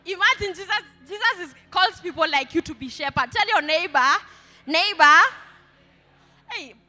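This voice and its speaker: A woman pastor preaching a sermon, animated and calling out to the congregation for responses. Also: very high-pitched, brisk, big-room sound, soft background music.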